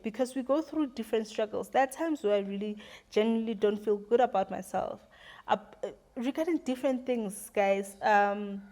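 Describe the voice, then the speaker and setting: Woman vlogger, young adult, mid-pitched, earnest, halting storytelling to camera. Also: a little mellow. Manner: earnest, reflective, halting with pauses and repeats. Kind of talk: emotional storytime chat to camera.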